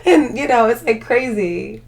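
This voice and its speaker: A woman's voice: a little high, a little slow, gravelly, darkish tone. A tired woman hosting a casual livestream, chatting with viewers in a rambling way full of filler words and laughter. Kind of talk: casual live chat.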